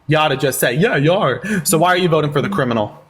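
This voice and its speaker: A man's voice: fairly high pitch, fast, a little hiss or hum. A man hosting a live-stream debate, sarcastic and taunting with callers, thanking viewers in casual chat. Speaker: livestream debate host.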